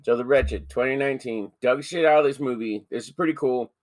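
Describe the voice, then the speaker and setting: A man's voice: mid-range voice, brisk, darkish tone. A man hosting a horror podcast from home, joking around, swearing casually and laughing often. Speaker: podcast host.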